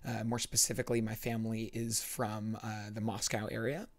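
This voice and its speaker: A man's voice: fairly low pitch, flat delivery, normal speed. A young man, chatting casually to camera and slipping in dry jokes. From California, United States. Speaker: vlogger.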